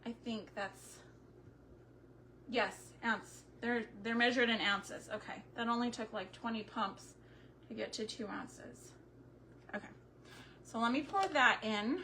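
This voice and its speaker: Woman in her forties, slow bright chatty livestream crafter, faint room hiss. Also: fairly high pitch. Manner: chatty, greets viewers by name, thinks aloud. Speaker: homestead DIY livestreamer. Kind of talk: casual livestream chat while crafting.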